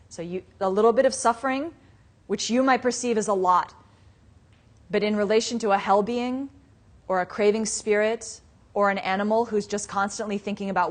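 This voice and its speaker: A woman leads a live meditation class in a loose, conversational way. She scatters asides and easy laughter through her teaching, and her voice sits at a middle pitch. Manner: casual and conversational, many "you know"s and asides; storytelling with frequent light laughter. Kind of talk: live Buddhist dharma class talk.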